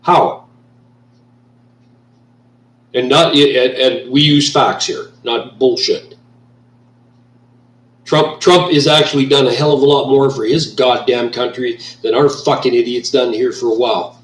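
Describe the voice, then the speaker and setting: A man's voice: mid-range voice, steady tone, a little slow. Heated profane man ranting in an echoey room. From Canada. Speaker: vlogger. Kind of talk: angry ranting monologue. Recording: echoey room, mic at a distance.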